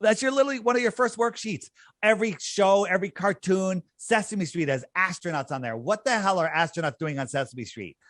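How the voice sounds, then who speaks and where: Podcast guest, man, higher-pitched, emphatic and scornful, dry close mic. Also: fairly quick, a bit bright, dry recording. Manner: emphatic, scornful, repeats phrases for effect. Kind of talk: conversational podcast argument.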